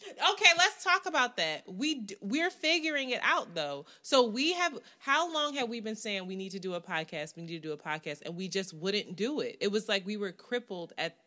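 A woman co-hosting a casual podcast chat, wry and teasing, often trailing off quietly in asides. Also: mid-range voice, sing-song, normal speed. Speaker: podcast co-host and editor.

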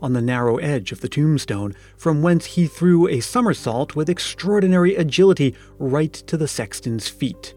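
A man reading a classic story aloud in a measured, expressive narration. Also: fairly high pitch. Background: faint music.

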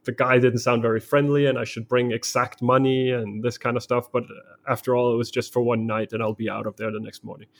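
A man's voice: medium pitch, creaky. Man telling a travel story. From Denmark. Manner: vivid present-tense storytelling. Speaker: guest. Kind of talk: storytelling in conversation.

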